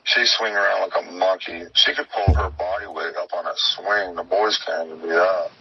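Low-voiced man on a dull distant line. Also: steady tone, soft background music. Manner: rambling, plainspoken, halting. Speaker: interviewee, missing girl's father. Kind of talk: recorded phone interview. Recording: dull, distant phone-like recording with faint noise.

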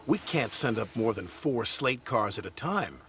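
A man's voice: mid-range voice, very animated, measured pace, fairly bright tone, slight background noise. A man voicing a small, sensible narrow-gauge steam engine.

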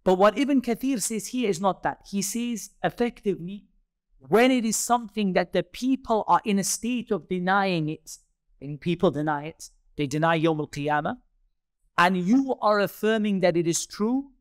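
A man's voice: high voice, dry recording, studio quality. A man giving a Quran commentary lesson, explaining step by step, repeating key points and mixing Arabic terms into English. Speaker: Islamic teacher. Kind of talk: tafsir lesson.

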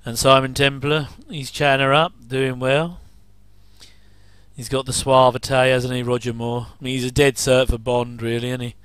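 Middle-aged man, casual watch-along commentator, smooth and close-miked. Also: mid-range voice, level tone, normal speed, fairly bright tone, dry recording. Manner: chatty, jokey asides with chuckles. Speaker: commentary host.

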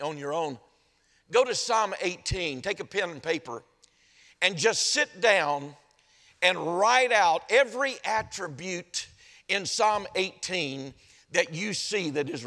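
A man's voice: high voice, sharp tone. A middle-aged male pastor preaching a sermon, building to emphatic rises and repeating words as he stresses a point. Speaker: senior pastor. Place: church sanctuary. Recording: long hall reverb.

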